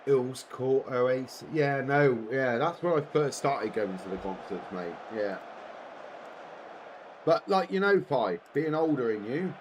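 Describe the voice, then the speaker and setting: A man's voice: mid-range voice, takes it slowly, rough recording. A man in his forties chatting casually with viewers while playing a game on a live stream, rambling and laughing often. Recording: steady background noise.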